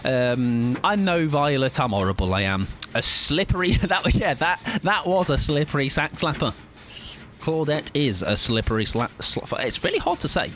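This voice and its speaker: A man's voice: on the high side, sing-song, normal speed, a bit bright, slight background noise. A young man streaming a game live, chatting to viewers in a playful, rambling, jokey way. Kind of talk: casual live-stream chat while gaming.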